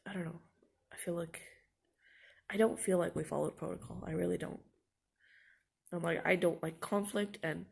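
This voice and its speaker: A young woman vlogging into her phone from home, tired, congested and anxious, talking in halting bursts with sighs. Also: fairly low pitch, fairly even intonation, creaky, a little hiss or hum. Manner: halting, sighing, soft and shaky. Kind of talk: casual vlog talk. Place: indoors at home, lying down. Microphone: phone camera held close.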